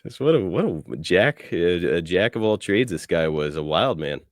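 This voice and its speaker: Male podcast host, low voice, dry close sound, casual, laughs easily. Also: big pitch swings, normal speed, no room sound. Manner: eager, casual, swears, laughs often. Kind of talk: casual interview chat.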